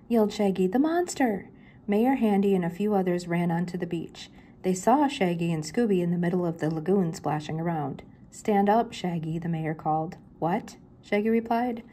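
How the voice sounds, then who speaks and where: An older woman reads a children's chapter book aloud, rising higher for each character's line. Her voice sits a little low and mellow, with a faint background hiss on the recording. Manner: lifts her pitch for the characters' lines. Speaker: grandmother reading aloud.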